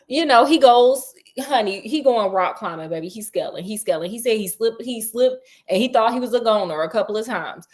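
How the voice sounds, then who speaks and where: Her voice sits at a medium pitch with a darkish tone. She's a young adult woman hosting a relaxed take on a classic story, chatting with sass and slang while quizzing a listener.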